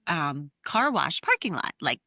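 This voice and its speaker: A woman's voice: low-pitched, sing-song, unhurried, bright, forceful tone, dry recording, studio quality. A middle-aged woman, an interview guest, telling a personal story in an earnest, candid way with many fillers. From New England. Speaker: interview guest, therapist and author.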